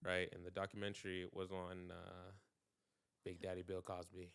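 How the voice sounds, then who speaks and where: A man's voice: low voice, monotone, normal speed, gravelly, fairly bright tone, smooth. A young man hosting a podcast in casual chat, blunt, teasing and profane. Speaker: podcast host.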